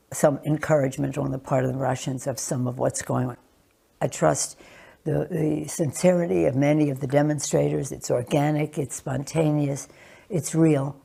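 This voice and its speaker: An older woman politician speaks in a husky, gravelly voice. She sounds dark and low. Her answers are measured and emphatic, full of pauses and restarts. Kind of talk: television interview answers.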